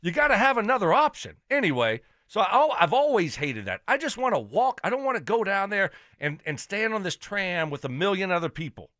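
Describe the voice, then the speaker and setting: A man hosting a sports radio show, telling a story in an animated, exasperated rant. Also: high voice, a little fast, hardly any pauses, no echo, clean studio sound. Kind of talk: casual radio chat.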